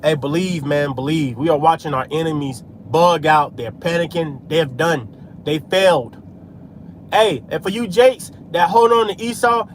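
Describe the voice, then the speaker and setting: A man's voice: on the high side, unhurried, slight background noise. A man preaching in a casual street style, scattering "man" and "hey" through his talk while he drives. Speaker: religious vlogger.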